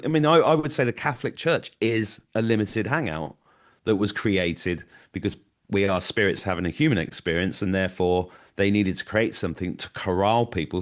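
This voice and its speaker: An English man talks as a guest in a casual video chat, rambling and searching for his words. His voice is very deep for a man. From England.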